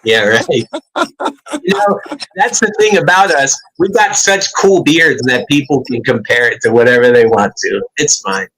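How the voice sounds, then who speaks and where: A man's voice: medium pitch, animated, moderate pace, a bit bright, low-quality recording. A man hosting a casual livestream, chatty and upbeat, greeting viewers by name one after another. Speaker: livestream host.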